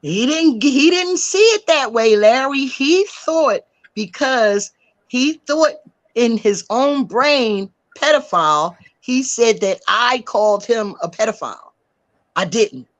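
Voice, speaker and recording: A woman's voice: fairly high pitch, lively intonation, slow. A woman speaking bluntly and emphatically on a livestream panel, repeating her points for effect. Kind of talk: heated livestream chat.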